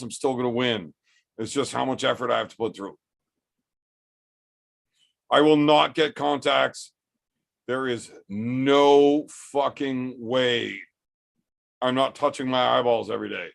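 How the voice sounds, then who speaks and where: Gravelly, profane streamer host, tipsy. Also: male voice, mid-range voice. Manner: profane, rambling storyteller. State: drinking, tipsy. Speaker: livestream host reading chat. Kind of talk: casual storytelling chat.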